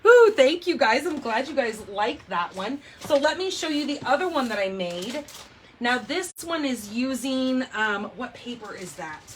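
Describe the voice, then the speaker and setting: A woman hosting a live card-making session from her craft table at home, chatting in an animated way and often saying "like" and "oh my gosh". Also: high voice, a little slow, slight background noise. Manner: chatty, animated storyteller, says "oh my gosh" and "like" a lot. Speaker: papercraft livestream host. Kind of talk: casual chat while demonstrating card making.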